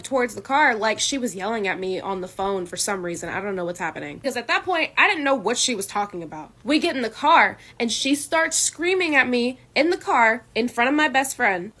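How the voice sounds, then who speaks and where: Woman, fairly high voice, earnest storytelling. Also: a bit bright. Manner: earnest retelling, rising when quoting.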